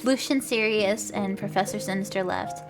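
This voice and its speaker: A woman streamer reading a story aloud for laughs, shouting the quoted lines over the top and breaking off for wry asides. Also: medium pitch, moderate pace. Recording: clear background music under voice. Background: background music.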